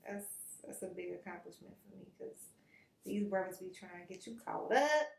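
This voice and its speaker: A woman's voice: lowish voice, moderate pace, gravelly. A young woman as an interview guest, chatting casually and acting out the people in her stories. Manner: animated storyteller, acts out quotes, laughs often. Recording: roomy, distant mic, faint noise.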